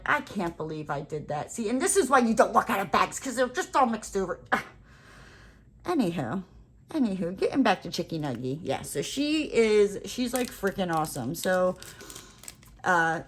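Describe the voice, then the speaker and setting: A woman craft vlogger telling a rambling, animated story while she crafts, with playful self-mocking exclamations. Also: on the low side.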